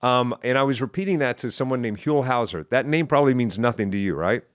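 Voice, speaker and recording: A man's voice: mid-range voice, fast talker, no room sound, studio quality. A middle-aged man from Texas, a guest who tells stories animatedly and slips into voices. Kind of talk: casual storytelling.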